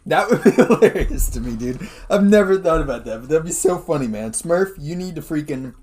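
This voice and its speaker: A man co-hosting a casual podcast, his voice swinging widely up and down as he talks. He is animated and quick to laugh. He keeps throwing in dude and man. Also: fairly high pitch. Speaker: podcast co-host. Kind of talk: casual chat.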